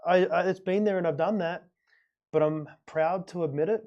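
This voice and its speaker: A man's voice: high-pitched, moderate pace, muffled recording. A middle-aged man from Australia telling a long personal story in a casual podcast chat, rambling and repeating himself. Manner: rambling, repeats words, warm anecdotal. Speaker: podcast host.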